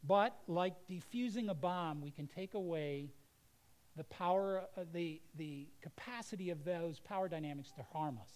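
Earnest higher-pitched male preacher. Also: moderate pace, darkish tone, low-quality recording. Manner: earnest, conversational preaching with varied emphasis. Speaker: pastor. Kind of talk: sermon.

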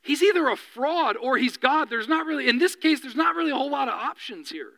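A man preaching a sermon as pastor, animated, often dropping to a hushed, slow voice. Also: extremely high pitch, no room sound, poor audio.

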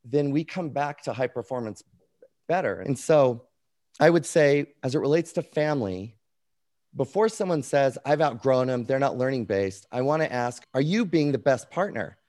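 A man who works as an executive coach, telling animated, self-mocking stories while chatting on a group video call. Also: medium pitch, normal speed. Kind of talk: casual chat on a group call.

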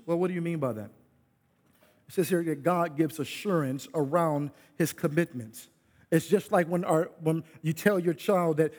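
A man preaching a sermon as pastor, his voice pitched high for a man and often rising to a yell. He leans on repetition, circling back with "listen" to press each point. The sound rings out with long reverb, as in a large hall. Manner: preaching with loud yelling bursts, repeats "listen". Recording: echoey hall.

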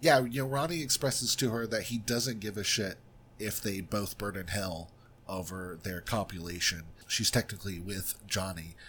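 A man's voice: fairly low pitch, normal speed, fairly bright tone, a little hiss or hum. A man co-hosting a film podcast, chatting casually and giving blunt, opinionated takes on a movie. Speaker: podcast co-host reviewing films. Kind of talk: casual chat.

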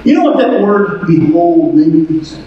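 A male pastor preaching a sermon to his congregation, with emphatic, drawn-out phrases and frequent calls for them to listen. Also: a little high, lively intonation, dull audio, slight background noise. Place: large church hall. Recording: echoey hall from far off.

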